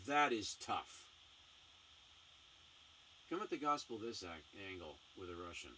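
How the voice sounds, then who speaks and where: Guy telling a story on a show, bright lively voice, kinda far from the mic with some hiss. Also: fairly low pitch, unhurried, pauses often. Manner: animated, acts out voices in anecdotes. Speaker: missionary speaker, show host. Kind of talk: casual storytelling talk. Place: small home studio. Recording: distant mic, faint background noise.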